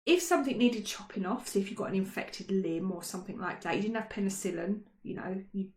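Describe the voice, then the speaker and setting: A woman's voice: medium pitch, fast, darkish tone. A woman co-hosting a casual history chat, chatty and self-mocking, with frequent ums. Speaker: podcast co-host. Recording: roomy echo.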